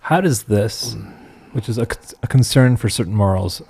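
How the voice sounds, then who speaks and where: A man's voice: on the low side, expressive, normal speed, gravelly, mellow, breathy edge. A man in his thirties co-hosting a podcast, talking in an easygoing, earnest way and reading out listener questions. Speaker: podcast co-host. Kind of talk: casual podcast conversation.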